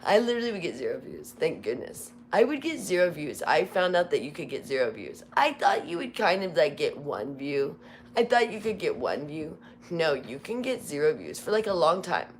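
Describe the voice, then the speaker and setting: A hoarse woman hosting a casual live stream, talking in a candid, rambling, confessional way. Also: deep voice, very animated, normal speed, a little hiss or hum. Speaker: livestream host. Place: Las Vegas home.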